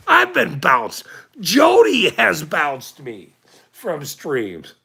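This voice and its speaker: A man's voice: high voice, wildly swooping pitch, slow pace, creaky, bright, forceful tone, slightly rough. A middle-aged man hosting a livestream, ranting at his chat in a profane, combative way with frequent laughs. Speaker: livestream host.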